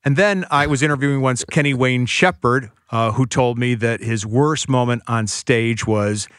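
A man in the middle of the pitch range is a guest on a radio interview, chatty and full of anecdotes. His voice is recorded dry and close in a studio. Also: moderate pace, a bit bright, clean tone, no echo.

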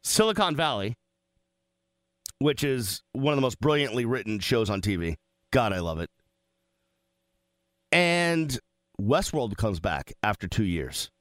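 Animated man hosting sports talk radio. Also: mid-range voice, measured pace, pauses often, dry recording. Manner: emphatic, conversational, animated. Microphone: studio microphone.

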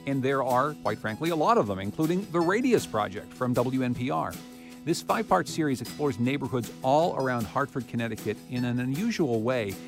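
A man hosting a public radio podcast, reading scripted segments and interviewing a guest in a measured, conversational way. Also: medium pitch, expressive, over music.

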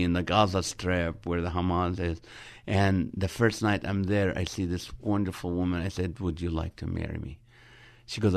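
Deep-voiced man telling funny stories. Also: no room sound. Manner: animated storyteller, acting out dialogue. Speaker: Christian comedian guest. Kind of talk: storytelling with humor in a radio interview.

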